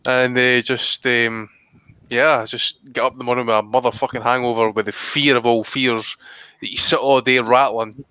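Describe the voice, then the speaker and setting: A man's voice: medium pitch, level tone, moderate pace, pushed and bright, clear, resonant tone, no room sound. A man telling rowdy, profane drinking stories in casual live-stream banter. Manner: boisterous, sweary storyteller. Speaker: regular panelist.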